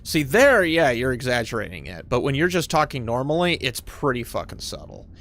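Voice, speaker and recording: Brief: Pacific Northwest guy streaming a game, swears a lot, lively up-and-down pitch, faint hum behind. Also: a little fast. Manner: profane, excitable, laughs easily. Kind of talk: casual gameplay chat.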